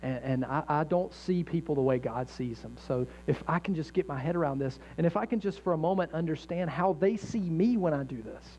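Young male pastor, conversational and emphatic sermon delivery, mellow tone, faint hum behind. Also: on the high side, expressive, a little fast, hardly any pauses. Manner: conversational, self-correcting, emphatic preaching. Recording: dull lo-fi sound with faint mains hum.

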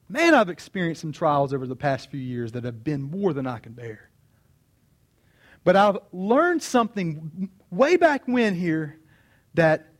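A man's voice: fairly high pitch, expressive, moderate pace. Earnest man preaching a sermon. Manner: earnest, personal, with emphatic repeated phrases. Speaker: pastor.

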